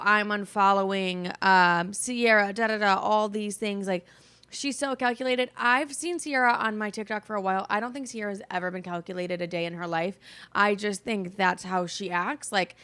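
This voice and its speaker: On her podcast, a young host rants casually, rambling and chatting with lots of fillers and plenty of swearing. Her medium-pitched voice has a sharp tone, and she talks around a sore jaw.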